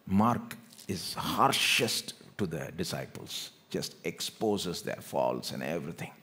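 A man from India preaches a slow sermon in church, animatedly acting out quoted speech with big swings in loudness and pitch. He calls on the congregation to respond.

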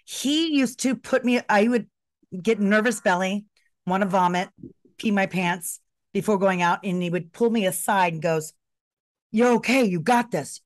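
A woman's voice: medium pitch, normal speed, no room sound, studio quality. A middle-aged woman co-hosting, speaking in a heartfelt, emotional way in casual chat. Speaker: co-host, former wrestler.

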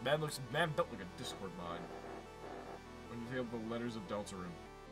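A man's voice: medium pitch, animated, moderate pace, over loud music. A man streaming a game live, chatting casually, joking and reading messages aloud. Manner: joking, reads chat aloud. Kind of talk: casual live gameplay chat.

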